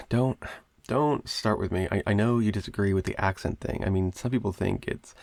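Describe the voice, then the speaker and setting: A man's voice: lowish voice, normal speed, creaky, a little mellow, no echo. A young man voicing a clingy, obsessive male roommate in an improvised audio roleplay, rambling and stammering with nervous laughs. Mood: fond, coaxing.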